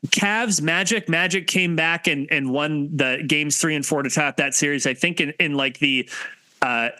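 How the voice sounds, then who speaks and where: Man, podcast co-host, casual sports talk, lively and jokey, sharp tone. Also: on the high side, no room sound. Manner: lively, jokey, rattles off scores.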